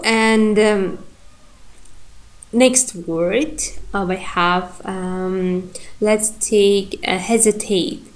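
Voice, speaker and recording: Brief: Uzbek-accented woman, unhurried phonetics teacher, repeats words, middle pitch. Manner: slow, repeats model words with hesitant fillers. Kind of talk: phonetics lecture.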